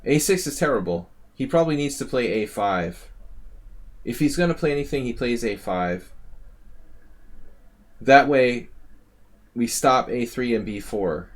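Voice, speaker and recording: A man coaching chess over a live stream, thinking aloud in a chatty way and catching himself mid-thought as he walks through a game. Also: medium pitch. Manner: thinking aloud, quick corrections, chatty asides. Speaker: chess coach analyzing subscriber games.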